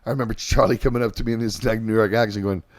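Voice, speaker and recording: A middle-aged man hosting a podcast, telling band stories in a halting, casual way with lots of fillers and restarts. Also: on the low side, fairly even intonation, no echo. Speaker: podcast host and band singer. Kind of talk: casual rambling storytelling.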